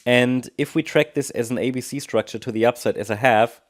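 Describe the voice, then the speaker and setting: A man's voice: mid-range voice, fairly quick. Man talking through chart analysis. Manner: thinking aloud with many ums and restarts. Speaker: market analyst. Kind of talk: technical analysis commentary.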